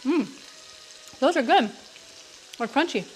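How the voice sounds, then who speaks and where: A woman's voice: on the high side, a little fast, a little hiss or hum, poor audio. A middle-aged woman hosting a live cooking demonstration from her kitchen, chatting and telling rambling stories as she cooks. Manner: rambling, warm storytelling with frequent asides to viewers. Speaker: cooking show host. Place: home kitchen. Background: sizzling frying pan.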